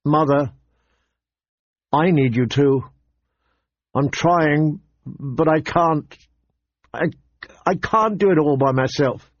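A man's voice: fairly high pitch, takes it slowly, pauses often, no room sound, muffled recording. A man voicing an earnest teenage lord. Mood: urgent strained. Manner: earnest, urgent, strained. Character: strained teenage lord, boy of fourteen.

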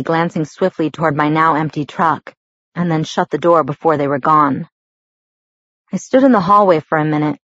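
A woman narrating a first-person novel as an audiobook, in a measured storytelling manner. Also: low-pitched, no echo, highs cut off.

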